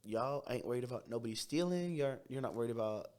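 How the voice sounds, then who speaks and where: A young man from Tacoma, a podcast guest telling his story in a quick, brash, animated way. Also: mid-range voice. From Tacoma, Washington. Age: young adult. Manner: fast, brash city talker who speeds up when excited. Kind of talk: casual storytelling interview.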